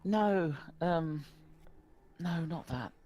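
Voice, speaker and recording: A man's voice: on the high side, expressive, drawn-out words, warm tone, pitched above the performer's own voice. A man voicing a timid, polite young boy with a slightly rural accent, who stammers and forgets things, in a tabletop game. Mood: anxious.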